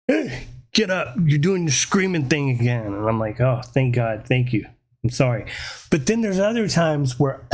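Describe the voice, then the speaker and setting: Middle-aged guy on a podcast, slow drawn-out delivery, acts out the scary bits. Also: a little high. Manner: animated, acts out screams and voices in his story. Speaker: podcast host. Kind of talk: casual storytelling.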